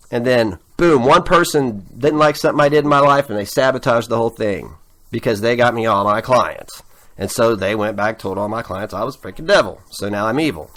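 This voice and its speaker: A man's voice: medium pitch, a bit bright. A man, hosting his show with a blunt, profane, agitated rant. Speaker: show host. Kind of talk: ranting monologue.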